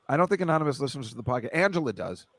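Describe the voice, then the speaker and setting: A man's voice: medium pitch, very animated, quick pace, a bit bright, no room sound. A middle-aged man hosting a podcast, rambling in casual chat with a jokey, self-deprecating manner. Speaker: podcast host.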